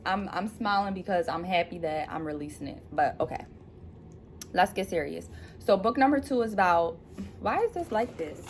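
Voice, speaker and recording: Alone at home, a young woman vlogs to her camera mic about her new book, bubbly and laughing with casual excitement. Her voice is lowish, with a little background noise.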